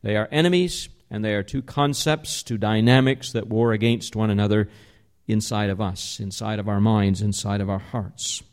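A man delivering a sermon as pastor, in a conversational, explanatory way, slowing down to stress key words. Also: on the low side, fairly even intonation, darkish tone.

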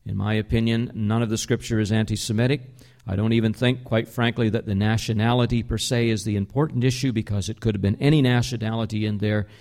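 A man delivering a sermon as pastor, in a conversational, explanatory way, slowing down to stress key words. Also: fairly low pitch, steady tone, darkish tone.

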